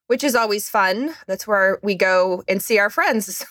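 A woman hosting a podcast interview, chatting in an upbeat, quick, conversational way. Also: medium pitch, a bit bright, no room sound, clean studio sound. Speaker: podcast host. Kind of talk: casual interview chat.

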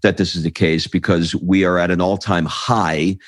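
Man from the US, deep voice, dry close sound, lively storytelling host. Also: moderate pace, dry recording. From United States. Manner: animated storyteller, rising excitedly. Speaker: podcast host. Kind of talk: casual interview chat.

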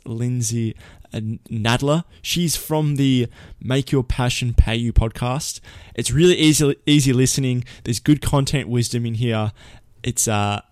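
A man's voice: mid-range voice, smooth, dry recording, studio quality. A man hosting a podcast, talking in a chatty, upbeat way with fillers and restarts. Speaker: podcast host. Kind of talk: casual podcast intro.

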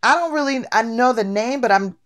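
A middle-aged woman, a comedian guest, telling stories in a playful, animated, casual way. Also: fairly high pitch, a little fast. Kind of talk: casual storytelling.

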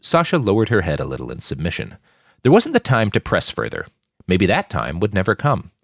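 Low, expressive male narrator. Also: a little fast, no room sound, clean studio sound. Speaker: podcast host and fiction author. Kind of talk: scripted fiction narration.

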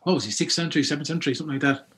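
Irish man, fairly high voice, rambling folklore chat, lots of restarts. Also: very fast, slight background noise. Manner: rambling, animated, many restarts and asides. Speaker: folklore collector guest. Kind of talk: casual storytelling chat.

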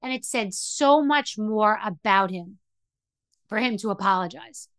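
A woman's voice: mid-range voice, measured pace, fairly bright tone, dry recording. A middle-aged woman hosting a podcast, telling a story in a candid, emotional, rambling way with many restarts. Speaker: podcast host. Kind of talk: candid monologue.

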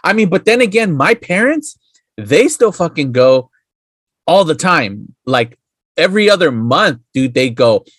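A man's voice: fairly high pitch, sing-song, measured pace, fairly bright tone, no room sound, studio quality. A young man chatting casually with a buddy, laid-back and slangy, swearing freely. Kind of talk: casual chat.

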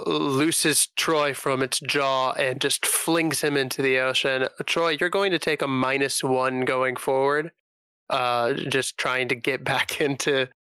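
A man narrates the scene as game master, taking his time and pausing on fillers. His voice is bright and smooth. The recording is close and dry. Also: mid-range voice, no room sound, rough recording. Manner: halting, filler-heavy narration.

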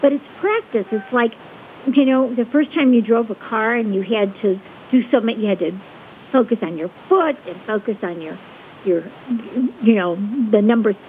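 Woman guest, high-ish voice, calm teacher, tinny phone line with hiss. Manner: calm, measured, checks in with "okay?". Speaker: guest expert on conflict resolution. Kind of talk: explaining a technique step by step.

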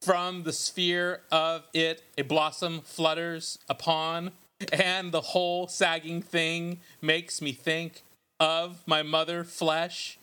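A man voicing a pretentious poet at a reading, in a slow, solemn sing-song cadence. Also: a little high, pushed and bright, clear, resonant tone.

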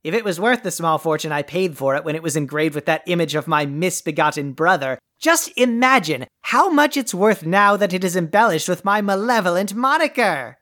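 A woman's voice: on the low side, animated, fairly quick, hardly any pauses, fairly bright tone. A woman playing a pompous, greedy, deposed male overlord in a comedy audio play, with a grandiose, haughty delivery. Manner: grandiose, haughty and theatrically dry.

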